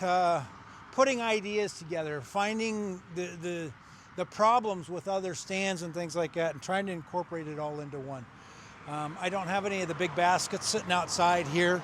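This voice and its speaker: A man's voice: high voice, fairly bright tone, slight background noise. A middle-aged man casually showing off something he built, talking plainly and rambling a bit, repeating himself as he explains. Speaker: YouTube maker showing his firewood stand. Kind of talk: casual walkthrough vlog. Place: outdoors by a roadside stand.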